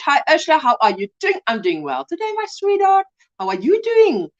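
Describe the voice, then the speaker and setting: A woman's voice: sits high, sing-song, a little fast, vocal fry, highs cut off. A South African woman hosting a crochet livestream, chatting casually, greeting viewers by name and calling them sweetheart. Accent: South African English. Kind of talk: casual live chat reading comments.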